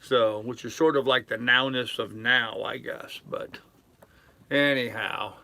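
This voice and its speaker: An older man live-streaming from his sailboat in a harbor, chatting casually with his chat in a relaxed, rambling way full of fillers. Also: medium pitch, a little slow, vocal fry. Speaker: sailing vlogger reading live chat.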